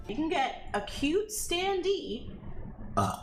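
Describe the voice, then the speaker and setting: A woman's voice: on the high side, sing-song, slow pace, faint music behind. A woman streamer in casual livestream chat who burps between lines, giggles a lot and swears casually.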